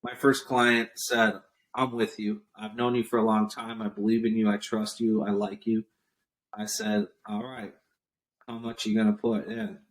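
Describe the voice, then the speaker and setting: A man's voice: on the low side, moderate pace. A man, a podcast guest telling a business story and acting out what others said. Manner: animated storyteller acting out quotes. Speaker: guest entrepreneur. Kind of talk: storytelling interview chat.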